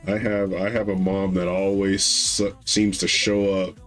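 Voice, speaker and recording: A man in his thirties telling a long family story in casual podcast chat, rambling with fillers and acting out quotes in a higher voice. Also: little pitch movement, unhurried, a bit bright, soft background music, rough recording. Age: 30s. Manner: rambling, acts out quotes with raised pitch. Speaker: podcast co-host.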